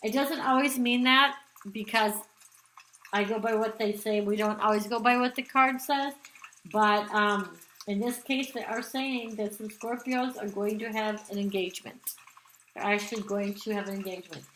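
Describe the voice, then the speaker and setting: A woman's voice: medium pitch, fairly even intonation, normal speed, a bit bright, a little hiss or hum. A woman giving a casual spoken tarot reading, rambling with many ums and restarts. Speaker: tarot card reader. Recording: echoey room.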